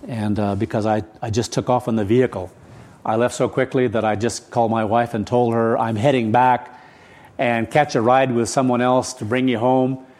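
An older man in his seventies delivers a sermon at a hurried, adrenaline-charged clip. He rambles, restarts his sentences and circles back, sounding keyed up. His voice sits at an ordinary middle pitch for a man. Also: level tone, darkish tone. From United States. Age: 70s. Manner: rushed, rambling, restarts often. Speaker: pastor. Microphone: camera set up for recorded service.

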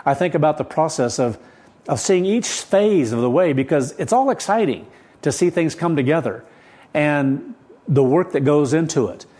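A man in his seventies preaching a sermon, rushed and rambling with frequent restarts, keyed up and hurried. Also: a little high, a little mellow. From United States. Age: 70s. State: adrenaline-charged, hurried. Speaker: pastor. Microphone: camera set up for recorded service.

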